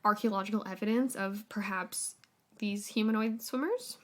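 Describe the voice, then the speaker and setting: A woman's voice: mid-range voice, moderate pace, a bit bright. A woman co-hosting a podcast, chatting casually with lots of fillers as she relays her research. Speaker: podcast co-host. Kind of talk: casual conversational podcast chat.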